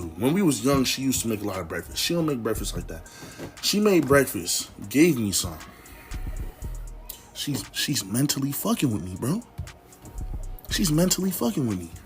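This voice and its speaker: A young man casually telling a story from his life, animated and full of slang. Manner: animated, slangy, swoops up to high exclamations. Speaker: vlogger.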